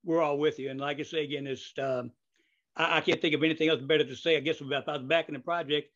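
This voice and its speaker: A man's voice: fairly high pitch, fairly even intonation, fast talker, fairly bright tone. An older man hosting a podcast interview in casual chat, rambling with many fillers, restarts and asides. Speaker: podcast host. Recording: dull lo-fi audio.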